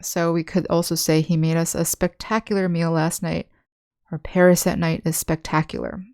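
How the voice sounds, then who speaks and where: Patient, gravelly-voiced woman teaching English. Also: on the low side, level tone, darkish tone, no echo, clean studio sound. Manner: patient, explains slowly with examples. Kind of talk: online language lesson.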